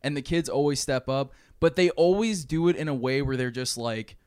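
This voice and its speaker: Smooth-voiced man rambling through a plot. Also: medium pitch, moderate pace, no echo, clean studio sound. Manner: rambling, animated retelling with frequent swearing. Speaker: podcast co-host. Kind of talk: casual chat, pitching a movie plot.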